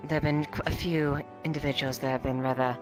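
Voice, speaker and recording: A man plays a lieutenant in a live roleplay, reporting in formal, wordy phrasing. Music plays clearly behind his voice chat. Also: mid-range voice, level tone, quick pace. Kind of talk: in-character roleplay. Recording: voice chat over background music.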